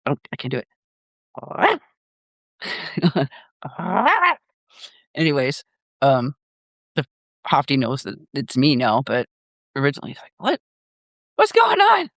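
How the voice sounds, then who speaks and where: A man's voice: mid-range voice, very animated, slow pace, long pauses, fairly bright tone, no echo, studio quality. An older man hosting a casual live chat, rambling with lots of fillers and laughter. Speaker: live stream host.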